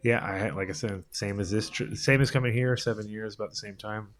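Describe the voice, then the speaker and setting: Man, very low voice, fast, relaxed rambling chat, lots of fillers. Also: slight background noise. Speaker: panel guest. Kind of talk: casual chat. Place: social club at a trade fair.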